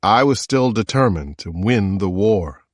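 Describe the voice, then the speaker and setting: Low male voice for a first-person thriller audiobook, calm, dry sound. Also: measured pace, dry recording. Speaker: audiobook narrator. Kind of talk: scripted narration.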